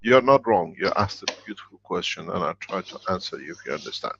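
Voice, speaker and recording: A man with a low, gravelly voice fields questions in an online workshop. He is blunt and joking, and his English is halting. The sound is dry and dull, like lo-fi video call audio. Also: lively intonation, a bit bright, slight background noise. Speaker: workshop speaker. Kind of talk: live online Q&A talk.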